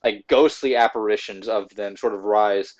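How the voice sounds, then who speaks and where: A man's voice: fairly low pitch, fairly even intonation, normal speed, lo-fi sound. A man acting as game master, narrating the scene loosely with many fillers.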